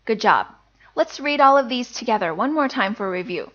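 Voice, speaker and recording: A woman's voice: fairly high pitch, expressive, a bit bright, highs cut off. A woman teaching a beginner pronunciation lesson, patiently sounding out each letter and repeating it. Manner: patient, demonstrates sounds slowly and repeats them. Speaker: language teacher.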